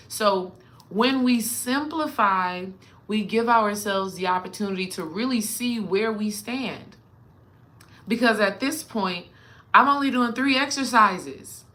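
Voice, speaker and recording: A woman's voice: mid-range voice, slow, pushed and bright. A woman spiritual coach talking casually and animatedly to her viewers, addressing them directly.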